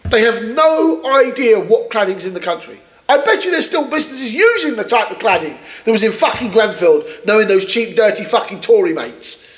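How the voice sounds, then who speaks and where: A British man co-hosting a podcast reads the news aloud and rants angrily, swearing a lot, in casual political chat. His voice is high and a bit bright, very animated, at a moderate pace.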